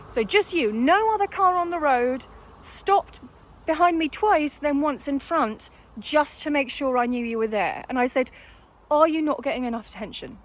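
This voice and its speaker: A woman telling a story after a run outdoors, a bit out of breath, exasperated and animated as she acts out a quarrel. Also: high-pitched, measured pace. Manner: exasperated, animated retelling with quoted dialogue. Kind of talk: casual storytelling vlog.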